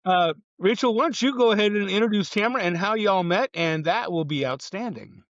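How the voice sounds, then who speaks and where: Man, high voice, easygoing podcast co-host, joking, slightly muffled remote audio. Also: fairly quick, a bit bright, dry recording. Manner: jokey, easygoing. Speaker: podcast co-host, real estate agent. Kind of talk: casual podcast chat.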